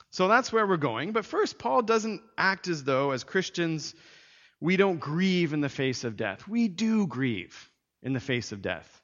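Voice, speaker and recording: A man preaching in an earnest, emphatic way, his voice sitting a little higher than most men's. The sound is dull and a bit muffled, with a long reverb trailing off each phrase in a church sanctuary. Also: a bit bright. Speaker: pastor. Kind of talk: sermon.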